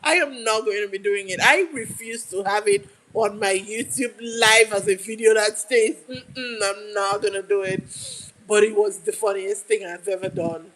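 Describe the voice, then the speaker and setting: A woman's voice: mid-range voice, moderate pace, a bit bright, rough recording. A Nigerian woman telling a story in a casual livestream, chatty and laughing, often restarting her sentences. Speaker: YouTube live streamer.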